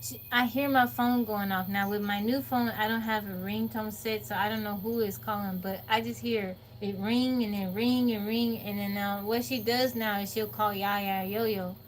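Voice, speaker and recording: A woman's voice: mid-range voice, normal speed, hardly any pauses, a little hiss or hum. A woman chatting casually on a livestream, acting out quotes and laughing often. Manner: animated storyteller, acts out quotes, laughs often. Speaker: livestream host. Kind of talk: casual chat with live viewers. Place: off-grid home.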